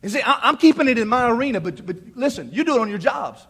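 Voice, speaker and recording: A middle-aged man preaching a sermon from a church pulpit, his voice sitting high for a man. He presses his points by repeating words and phrases. He drops to quiet asides, then rises to loud declarations. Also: very animated, fast talker, hardly any pauses, husky. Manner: emphatic, repeats words when fired up. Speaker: pastor. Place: church sanctuary.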